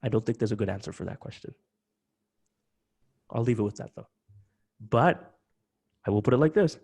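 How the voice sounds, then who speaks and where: A man hosting a live webinar, talking in an animated, emphatic way with many quick restarts. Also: mid-range voice, vocal fry, slightly rough. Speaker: webinar host.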